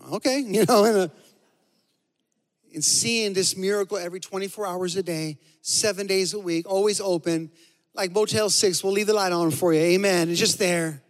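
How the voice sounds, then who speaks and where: A man preaching a sermon as a pastor, telling a story animatedly, dropping to a hush and then rising loud. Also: sits high. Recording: long hall reverb.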